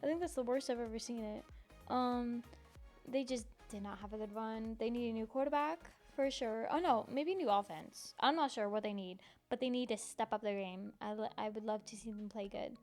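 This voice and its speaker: A woman's voice: a little high, normal speed, a little mellow, faint music behind. A young woman hosting a casual solo podcast, gushing and giggling, with many ums and likes. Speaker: podcast host.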